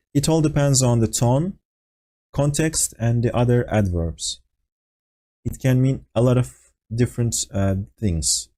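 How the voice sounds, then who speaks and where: A man leads a language lesson over an online voice call, talking slowly and explaining patiently with fillers. His voice is mellow and relaxed, and he acts out example phrases as he goes. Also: medium pitch. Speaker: Turkish teacher. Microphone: voice call on Discord.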